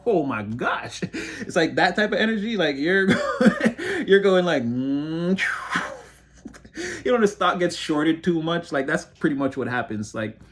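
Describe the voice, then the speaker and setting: Giggly, excitable man reading tarot. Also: fairly high pitch, unhurried. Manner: excitable, giggly motor mouth; rambling, frequent laughter. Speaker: tarot reader. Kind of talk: casual spiritual reading.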